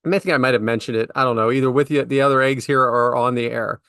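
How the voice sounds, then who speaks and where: A man's voice: fast talker, clean tone, dry recording, studio quality. A middle-aged man co-hosting a podcast, telling exasperated everyday stories in a casual chat. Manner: animated, exasperated storytelling with big pitch jumps. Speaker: podcast co-host.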